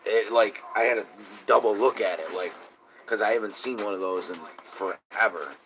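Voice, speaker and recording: A man's voice: fairly low pitch, moderate pace, slight background noise. A man telling a long, profane, indignant story in casual talk. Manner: indignant, profane, rising to shouting. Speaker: host.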